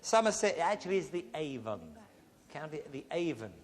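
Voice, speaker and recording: A man hosting a television game show, teasing contestants with quick puns and jokes. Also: fairly high pitch, sing-song. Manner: teasing, quick-witted, punning. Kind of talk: joking studio game-show patter. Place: television studio before an audience. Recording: noisy studio with loud audience.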